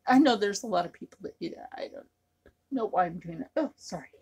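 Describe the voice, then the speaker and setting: A woman's voice: medium pitch, lively intonation, brisk, darkish tone, breathy edge. A woman talking casually to her camera in a rambling, repetitive way, with many fillers. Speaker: vlogger.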